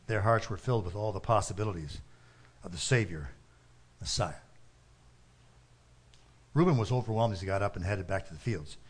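A man narrating a story with a steady, earnest reading manner. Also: lowish voice, normal speed, pauses often, husky.

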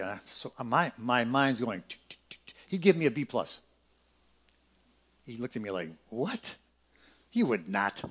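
Man preaching a sermon, loud and soft. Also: mid-range voice, very animated, slightly rough. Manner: swings between loud emphatic peaks and quiet, fast asides. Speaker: pastor.

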